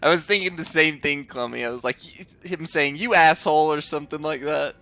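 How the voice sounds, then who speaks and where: A man's voice: fairly high pitch, a little fast, vocal fry, pushed and bright, dry recording. A young man streaming a game, chatting casually with viewers, laughing often and swearing freely. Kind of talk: casual chat while gaming.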